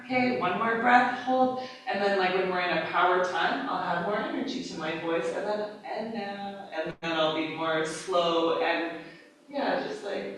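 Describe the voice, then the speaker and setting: A woman training yoga teachers, talking casually and acting out her cues, with frequent laughs. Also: on the low side. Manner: casual, lively, acts out cues, laughs often. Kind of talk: live teacher-training class talk. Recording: echoey room, mic far off.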